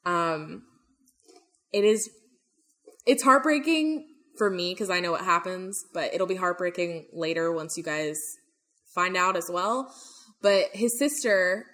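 A woman's voice: lowish voice, normal speed, fairly bright tone. A young woman hosting a casual podcast, telling a true crime story with lots of "like" and "um" and acted-out quotes. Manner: chatty, lots of "like" and "um", acts out quotes.

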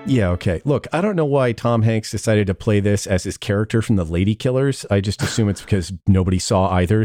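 A man's voice: lowish voice, mellow, no echo, studio quality. A man co-hosting a podcast in casual chat, sardonic with laughing asides. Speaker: podcast co-host.

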